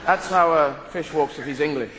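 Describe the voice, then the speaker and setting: A man's voice: a little high, fairly quick. Playful stand-up comic, man, echoey hall. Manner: rambling, playful, broken schoolboy French. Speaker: stand-up comedian. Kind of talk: live stand-up comedy. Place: large theatre. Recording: echoey hall, audience noise.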